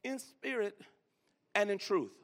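A man's voice: high-pitched, animated, a bit bright. A man preaching a sermon, urging the congregation to answer back and stretching key words for emphasis. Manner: preaching with call-and-response and drawn-out emphasis. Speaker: pastor. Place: church sanctuary. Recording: long reverb in a large hall.

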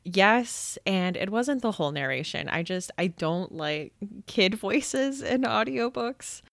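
A woman co-hosting a book podcast, frank in her opinions and quick to laugh. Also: medium pitch, lively intonation, vocal fry, fairly bright tone, no echo. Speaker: podcast co-host. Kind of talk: casual book chat.

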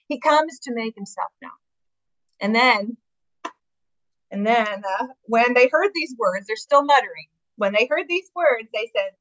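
A woman's voice: on the high side, normal speed, fairly bright tone, dry recording, muffled recording. A woman teaching a Bible study, reading scripture aloud and adding her own enthusiastic comments, with some fillers and restarts.

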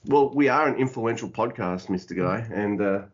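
Husky guy cohosting a podcast, super animated, goofs around, lo-fi muffled audio. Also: fairly low pitch, moderate pace. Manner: animated, joking, breaks into sung hums. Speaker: podcast co-host. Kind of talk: casual chat. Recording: dull lo-fi sound.

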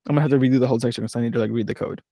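A man's voice: mid-range voice, very fast, gravelly, dark tone, no echo, studio quality. A young man from Philadelphia telling a road-trip story in a casual podcast chat, rambling and laughing as he acts out the people he met. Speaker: podcast co-host.

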